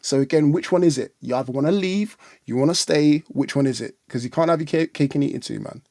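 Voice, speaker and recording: A man's voice: on the high side, quick pace, a little mellow, no room sound, studio quality. A man co-hosting a casual fan livestream, ranting bluntly and animatedly, with mocking put-on voices. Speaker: fan channel co-host. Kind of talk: casual livestream football chat.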